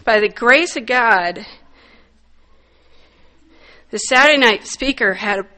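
A woman's voice: on the high side, takes it slowly. Candid, wry woman telling her story. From northern United States. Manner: candid, wry storytelling with sudden loud emphatic bursts. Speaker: recovery meeting speaker. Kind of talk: personal testimony to an audience.

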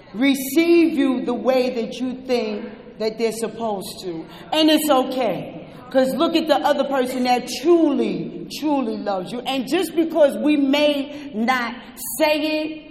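A person sharing a personal recovery testimony at an indoor meeting, talking with passion and swinging between quiet and shouting. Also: high voice. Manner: impassioned, swings from soft to shouting. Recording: roomy echo with long hall reverb.

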